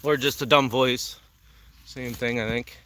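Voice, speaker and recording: A man's voice: medium pitch, a little slow. A man from Southern Ontario with a Canadian accent, chatting casually with viewers on a livestream from his backyard. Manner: relaxed, chatty, answers viewer comments. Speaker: RC hobby livestream host. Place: backyard, outdoors.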